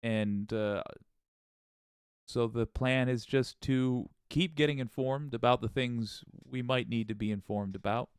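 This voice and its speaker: A man's voice: medium pitch, measured pace, clear, resonant tone, dry recording, clean studio sound. A man hosting a casual live stream, greeting his viewers by name in an upbeat way and often restarting his sentences. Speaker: livestream host.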